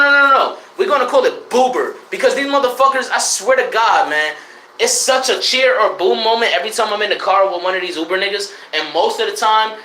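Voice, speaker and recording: A young man from Connecticut ranting profanely to his live chat in a loose, animated way, jumping between loud outbursts and low mutters. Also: echoey room, slight background noise. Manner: profane, animated, swings between shouting and mumbling. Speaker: livestreamer. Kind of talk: unfiltered casual rant to live chat. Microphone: streaming mic.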